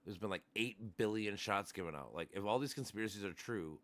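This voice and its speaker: A man's voice: on the low side, brisk, a bit bright, no echo. A man in casual chat, talking in a rambling, profane way with many restarts. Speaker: podcast host.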